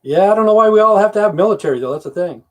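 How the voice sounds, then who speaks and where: A man's voice: high voice, expressive, racing. A middle-aged man, a military veteran, hosting a casual livestream, reading viewer comments aloud and answering them in a rambling, profane, grumbling way. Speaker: livestream host.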